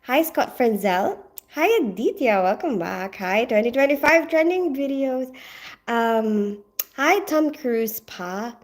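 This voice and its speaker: A woman's voice: on the high side, lively intonation, slow. A woman from the Philippines, a nurse chatting casually on a livestream, rambling with lots of "you know" and "like". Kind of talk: casual livestream chat, greeting viewers.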